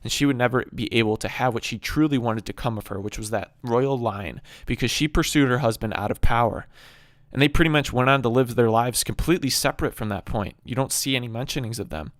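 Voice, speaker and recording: A man's voice: mid-range voice, fast, dry recording, studio quality. A man giving a preachy monologue on a Bible story, emphatic and fond of rhetorical questions and repeated phrases. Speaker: video commentator on Bible stories.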